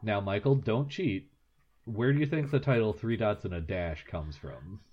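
A rambling man with a fairly low voice, sharing wry asides as a podcast co-host. His speech is loose and full of fillers. The recording sounds a bit dull and lo-fi. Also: moderate pace, husky. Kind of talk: casual chat.

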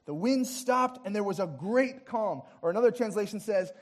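A man's voice: high-pitched, animated, normal speed. A man preaching an interactive sermon, playful and joking as he gets the audience to act out the scene. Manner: jokey asides with light laughs. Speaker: pastor.

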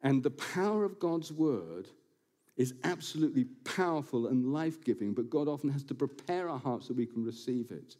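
A man preaching a sermon to his congregation in a church building, animated and quick to slip in jokes and asides. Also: mid-range voice. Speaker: pastor.

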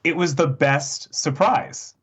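A man's voice: on the high side, takes it slowly, fairly bright tone, breathy edge. Thoughtful man on a podcast panel. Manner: thoughtful, hesitant, searches for words. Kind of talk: casual podcast chat.

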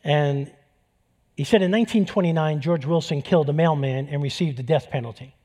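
A man with a New York accent preaching a sermon, animated and building to emphatic peaks. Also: a little high, brisk. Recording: long hall reverb.

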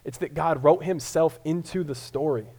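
A man's voice: a little high, moderate pace, mellow, breathy edge. A young man from Colorado preaching a sermon in a casual, self-deprecating way, often restarting his words. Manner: conversational, self-deprecating, frequent stammered restarts. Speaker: pastor.

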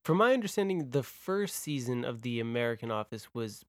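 A man's voice: mid-range voice, very animated, a little fast, dry recording, studio quality. A man hosting a podcast, welcoming listeners in casual chat with a jokey, upbeat manner. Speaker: podcast host.

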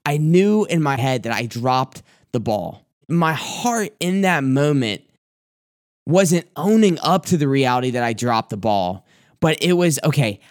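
With a medium-pitched voice, a young youth pastor gives a sermon testimony built on a personal mistake, telling it candidly and padding it with plenty of casual fillers.

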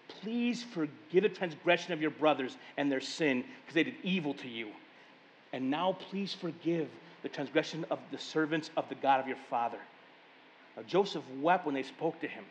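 Pastor, male, somewhat high voice, animated storyteller, long hall reverb. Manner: animated storytelling, paraphrasing scripture in casual speech. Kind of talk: sermon.

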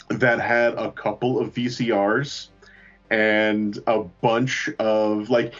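A man's voice: medium pitch, lo-fi sound. A man casually telling a long, rambling, profane story about his trip, poking fun at himself. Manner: rambling, profane, self-mocking. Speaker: podcast co-host.

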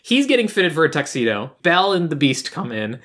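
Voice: medium pitch, sing-song, brisk, a bit bright. A podcast co-host in casual movie-review chat, rambling and self-correcting with frequent restarts.

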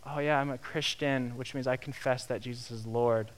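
A young man preaching a sermon in a lively, conversational way, acting out the quotes he tells. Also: medium pitch, normal speed. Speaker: pastor.

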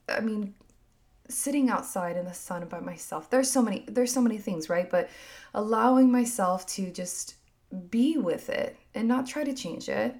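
A woman hosting a podcast, talking through her emotions in a soft, musing, reflective monologue full of casual fillers. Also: mid-range voice. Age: adult mother. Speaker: podcast host.

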